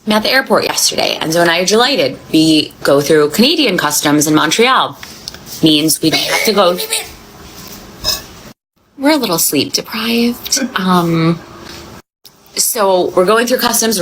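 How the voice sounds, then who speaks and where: A woman vlogger telling a travel story in a casual, sassy, animated way, acting out the other people. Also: on the low side, moderate pace, slight background noise, rough recording. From Miami.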